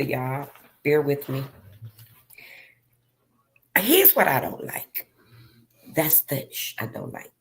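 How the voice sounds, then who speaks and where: A woman's voice: extremely low pitch, big pitch swings, slow, vocal fry, long pauses. A middle-aged woman telling viewers an emotional personal story in an earnest, direct way, as a vlogger.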